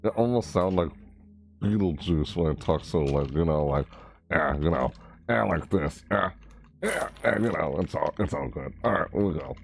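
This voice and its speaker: A man's voice: animated, moderate pace, gravelly, slight background noise. A man casually rambling through a game overview and reaction, mumbling and restarting phrases as he corrects himself. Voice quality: low mumbling delivery. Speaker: gaming video creator.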